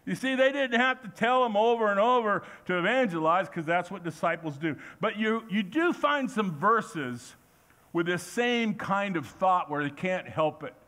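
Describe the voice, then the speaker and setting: Lively preaching man, somewhat high voice. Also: normal speed. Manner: animated preaching, acts out quotes in changing voices. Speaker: pastor. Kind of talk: sermon. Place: church.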